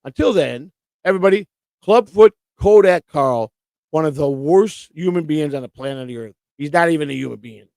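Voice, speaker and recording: A man's voice: fairly high pitch, animated, fairly quick, gravelly, a little mellow, no room sound. A middle-aged man hosting a live stream, rambling and combative in casual chat. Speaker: livestream host.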